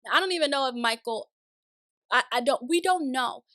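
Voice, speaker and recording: A woman's voice: high voice, animated, a little fast, bright, forceful tone, no echo, clean studio sound. A young woman recapping a reality show in casual, sassy commentary with exasperated, opinionated asides.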